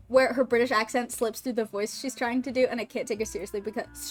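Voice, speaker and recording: A woman's voice: on the high side, fairly even intonation, quick pace, hardly any pauses, faint music behind. An American woman streaming a game, talking casually and animatedly, laughing and swearing freely. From United States.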